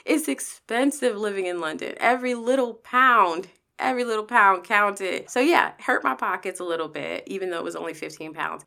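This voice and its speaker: A woman with a gravelly, creaky edge in her voice tells a personal story in a casual monologue. She talks candidly and animatedly, swearing freely and acting out the quotes of the people in her story. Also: medium pitch, sharp tone.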